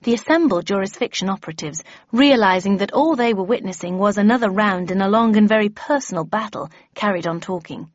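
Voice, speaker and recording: A woman giving measured, even first-person audiobook narration. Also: medium pitch, no echo. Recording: dry, slightly dull recording.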